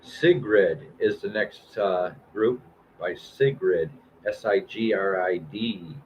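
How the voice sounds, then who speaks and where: This is a man in his fifties running through new album releases on a live stream, pausing often on "uh" and "um". His voice sits low and moves slowly. The recording sounds a little dull, with faint hiss underneath. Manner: reads album blurbs aloud with fillers and restarts. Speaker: host of a live stream music show.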